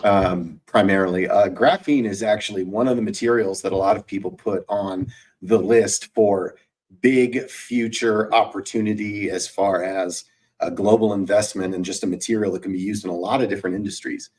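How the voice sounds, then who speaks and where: A man producing a casual live stream, explaining things in a measured way. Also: on the low side, fairly even intonation, darkish tone, recorded from a distance.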